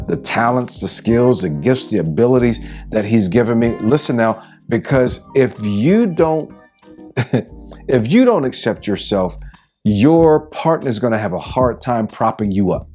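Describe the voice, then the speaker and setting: Man preaching self-acceptance over soft music. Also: mid-range voice, animated, moderate pace. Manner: preachy, repetitive questions, casual slang. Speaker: relationship coach. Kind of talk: motivational talk to camera. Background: faint background music.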